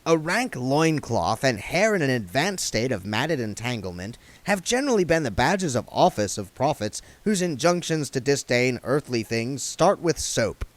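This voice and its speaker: A man narrating a novel aloud with a lively, swinging delivery. He reads expressively between character voices, and the recording is dry and close. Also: medium pitch, normal speed, hardly any pauses, dry recording.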